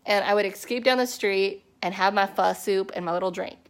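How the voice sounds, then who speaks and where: A woman in her thirties tells her own story in a loose, chatty way. She fills her talk with "like" and quick asides. Her voice sits at an ordinary middle pitch and lifts sharply when she quotes herself. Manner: chatty, animated storytelling with many fillers. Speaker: network marketing distributor. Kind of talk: casual personal testimony to a team.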